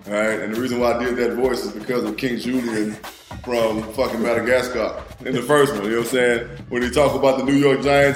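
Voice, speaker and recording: A man co-hosting a casual sports talk show, animated and profane, often adding "you know what I'm saying". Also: mid-range voice, moderate pace, echoey room, soft background music. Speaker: podcast co-host.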